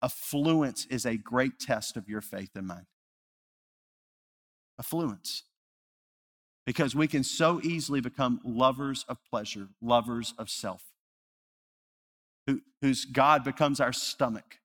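A male pastor preaching a sermon, earnest, rising to loud emphasis and dropping to hushed, slow repetition. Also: medium pitch. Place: church sanctuary. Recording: reverberant church hall.

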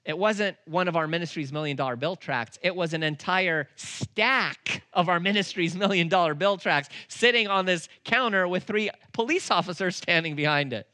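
A middle-aged man preaching with a bright, forceful voice that sits a little high for a man. He tells stories from the pulpit, acting out each exchange and drawing out words for emphasis. The sound is close and dry. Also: dry recording. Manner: animated, acts out dialogue in his stories; slows down and leans on words for emphasis. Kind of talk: storytelling sermon.

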